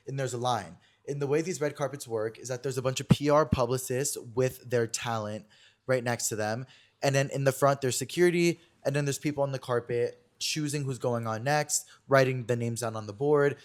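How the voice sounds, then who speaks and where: A young man hosting a podcast, telling a story in a gossipy, animated way with lots of filler words. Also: mid-range voice. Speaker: podcast host. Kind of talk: casual chat.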